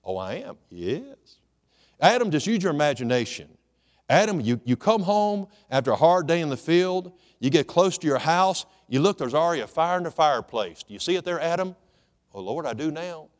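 A man's voice: a little high, expressive, a little fast. A man preaching a sermon in a folksy, joking way, calling for amens. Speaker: pastor.

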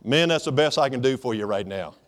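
A man's voice: mid-range voice, expressive, brisk. A man preaching a sermon in a folksy, joking way, calling for amens. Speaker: pastor.

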